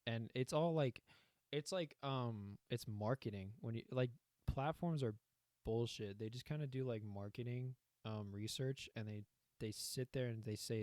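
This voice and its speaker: A man's voice: on the low side, normal speed, a little mellow, no room sound. A young man co-hosting a podcast in casual chat, rambling, swearing and acting out scenes. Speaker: podcast co-host.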